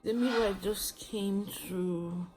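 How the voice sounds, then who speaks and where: Casting: pregnant woman vlogging from a hospital room, tired, rambling and repetitive, average pitch, faint music under her. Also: slow pace. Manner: rambling and repetitive, circling back to the same phrases. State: tired, pregnant patient awaiting labor. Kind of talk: casual chat to camera.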